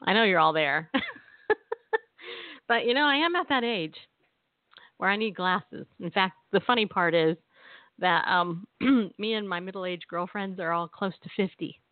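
A woman's voice: on the low side, a little slow, long pauses, no room sound. A woman in her late forties hosting a live Christian radio show, chatting in a bubbly, giggly way with her listeners. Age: 40s. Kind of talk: casual chat. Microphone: phone or webcam on a live stream. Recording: tinny phone-like sound, dry.

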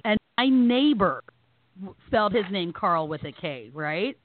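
A woman's voice: medium pitch, big pitch swings, a little slow. A woman co-hosting a podcast, telling stories animatedly and laughing often. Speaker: podcast co-host. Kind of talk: casual chat. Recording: dry, tinny phone-like audio.

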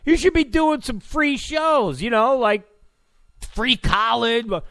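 A man's voice: extremely high pitch, slow pace, fairly bright tone, dry recording, studio quality. A man delivering a sarcastic, mocking political rant in blunt, casual commentary.

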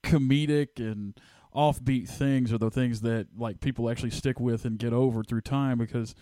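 A man's voice: mid-range voice, fairly even intonation, normal speed, dark tone, dry recording. A male podcast host with a mid-range voice chats casually and laughs easily. His delivery is loose and conversational. The recording is dry and close.

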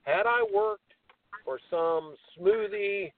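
A man in his seventies, a tennis coach, telling a lively story on a radio talk show and acting out the quoted voices. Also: sits high, slow pace, a crowd in the background. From American Midwest. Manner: animated storyteller, acts out quoted voices, laughs. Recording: tinny phone line, distant.

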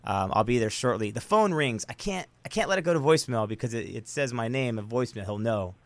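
A man's voice: mid-range voice, expressive, quick pace, dry recording. A man telling a story as a guest on an interview show, blunt and profane, rambling with restarts and fillers. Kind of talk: casual storytelling in a podcast interview.

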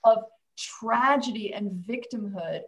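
A woman's voice: fairly high pitch, slow, low-quality recording. A woman co-host in a supportive conversation, talking with enthusiasm and rambling through restarts.

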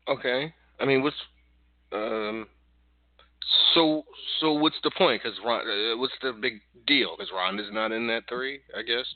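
A man co-hosting a casual wrestling podcast, blunt and quick to swear and laugh. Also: mid-range voice, no echo. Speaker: podcast co-host. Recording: tinny phone-like line.

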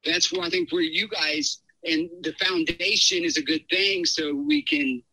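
A middle-aged man telling a personal story in a casual podcast chat, rambling and animated, with many fillers. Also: sits high, a little slow, creaky, no room sound, low-quality recording. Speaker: podcast guest.

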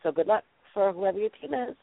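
A woman's voice: medium pitch, lively intonation, fairly quick, gravelly, dry recording. A woman with a New England accent hosting a casual chat show, playful and rambling with lots of fillers. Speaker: radio show host. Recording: tinny phone line, dry.

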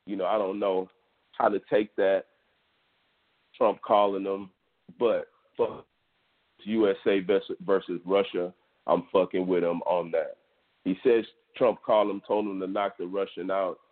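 A man's voice: low voice, steady tone, unhurried, pauses often. A Texan man hosting a podcast, telling a sports story in a loose, profane, casual monologue. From Texas, US. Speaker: podcast host. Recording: tinny phone-like audio.

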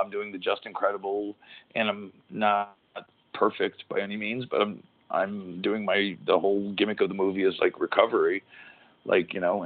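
A deep-voiced middle-aged man chats casually on a podcast. He rambles, swears often and breaks off mid-thought. The audio is narrow and tinny, like a phone call. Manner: rambling, profane, restarts mid-sentence. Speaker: podcast host, former pro wrestler. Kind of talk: casual chat.

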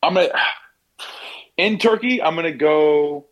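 A man's voice: fairly high pitch, measured pace, dull audio. A young man from Pennsylvania, a basketball player being interviewed, talking casually and at length with fillers, restarts and little voices for the people in his stories. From Pennsylvania, USA. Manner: chatty storyteller, fillers and restarts, mimics people in quotes.

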